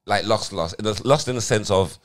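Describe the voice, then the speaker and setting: A man, co-hosting a podcast in lively, argumentative banter. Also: on the low side, a little fast. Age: 40s. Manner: animated, laughing, cuts in to argue his point. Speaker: podcast co-host. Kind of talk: casual banter.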